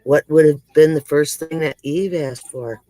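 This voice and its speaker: High-voiced man cracking corny jokes. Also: moderate pace, dark tone, no echo, poor audio. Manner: laughs at his own jokes, self-deprecating. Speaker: comedy livestream host. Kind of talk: telling one-liner jokes to a live chat.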